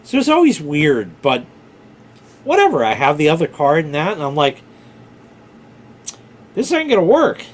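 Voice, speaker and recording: A man's voice: on the high side, very animated, moderate pace. A man casually telling a rambling personal story, informal, with filler words and the odd swear. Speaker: vlogger.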